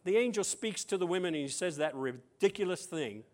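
A man preaching a sermon, retelling a scripture story conversationally with playful humorous asides, moving between loud emphasis and soft near-whispers. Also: sits high, animated, a little fast.

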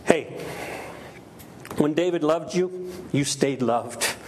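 A middle-aged man preaching a sermon in a slightly higher-than-usual voice. He stresses his words, repeats key phrases, and acts out quoted voices. A faint hiss of noise sits behind him. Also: expressive, unhurried. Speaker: pastor.

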